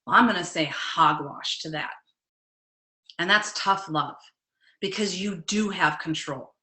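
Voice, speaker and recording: Bright-voiced woman coaching in an echoey room. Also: lowish voice, unhurried. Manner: earnest, direct, asks the audience questions. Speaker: life coach. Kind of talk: motivational webinar talk.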